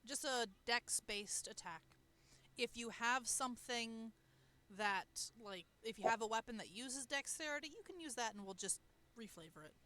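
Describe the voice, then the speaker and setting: Lady game master, bright voice, kinda high, describing the scene slow. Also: animated. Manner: descriptive, measured narration. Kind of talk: narrating a tabletop game.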